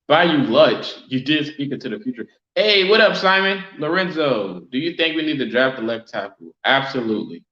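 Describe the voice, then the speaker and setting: A man's voice: mid-range voice, animated, moderate pace. Casual man hosting a live stream. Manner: casual, reads and answers chat shout-outs. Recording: roomy, dull lo-fi sound.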